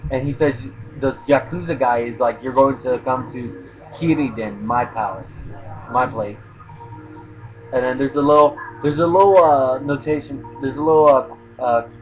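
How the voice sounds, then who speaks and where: A young man giving a laid-back manga chapter review, often swearing and restarting his sentences. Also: mid-range voice. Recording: tinny phone-like lo-fi audio.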